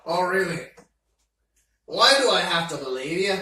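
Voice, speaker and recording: A man's voice: high-pitched, animated, moderate pace, pushed and bright. A man voicing a brusque, muscular female half-orc blacksmith who talks bluntly and dismissively, recorded in an echoey room from a distance. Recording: roomy, distant mic with faint noise.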